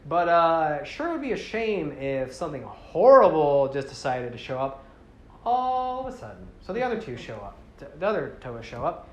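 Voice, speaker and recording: A woman giving a rambling, animated casual talk to a live audience, often slipping into character voices. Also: low-pitched, normal speed, reverberant. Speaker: presenter.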